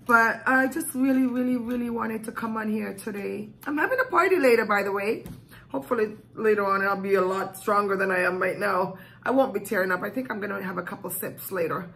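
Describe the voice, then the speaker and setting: A woman's voice: mid-range voice, fairly quick, vocal fry, a bit bright, rough recording. A woman vlogger thanking her viewers, emotional and gushing, tearing up as she talks. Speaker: mukbang vlogger. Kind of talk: heartfelt thank-you talk to viewers.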